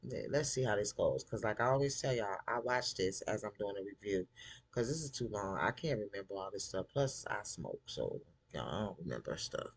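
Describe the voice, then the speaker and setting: A man casually recapping a TV episode, chatty and animated, acting out the characters' lines in a style. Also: lowish voice, normal speed, husky. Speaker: TV show recap host.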